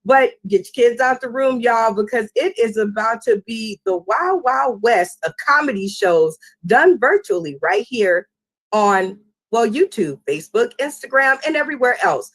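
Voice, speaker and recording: A woman's voice: fairly high pitch, moderate pace. A woman hosting a virtual comedy show over a video call, hyping up the crowd and bringing on the acts. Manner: hyped, animated hosting. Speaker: host.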